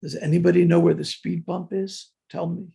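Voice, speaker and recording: A man giving a morning scripture class in a temple, telling stories in an animated way. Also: high voice, moderate pace, creaky, husky. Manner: animated storytelling. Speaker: class teacher. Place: temple hall.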